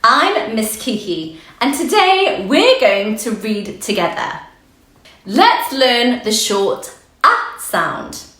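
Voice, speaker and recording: Slow, bright-voiced woman teaching children phonics. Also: fairly high pitch, big pitch swings, roomy sound. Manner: slow, sing-song and encouraging, sounding out letters.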